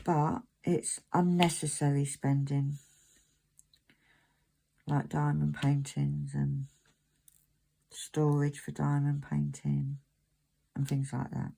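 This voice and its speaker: A woman's voice: sits low, little pitch movement, slow, vocal fry, long pauses, mellow, rough recording. A middle-aged woman, chatting casually and rambling to camera in a vlog. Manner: chatty, rambling, with many fillers. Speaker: vlogger.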